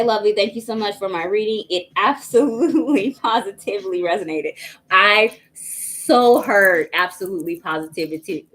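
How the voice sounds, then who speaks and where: A woman with a somewhat low voice hosts a live tarot stream, talking in a chatty, grateful way as she greets viewers by name. There are plenty of "um"s as she catches up on comments. A faint hiss sits under the recording. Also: fairly bright tone, rough recording. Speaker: tarot reader hosting a livestream.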